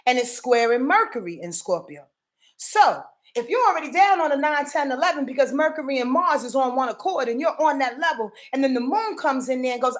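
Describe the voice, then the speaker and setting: A woman from Yonkers, New York, with a high voice and a slightly fast pace gives a casual astrology forecast. Animated and profane, she swears freely and speaks straight to viewers, repeatedly checking that they're following along.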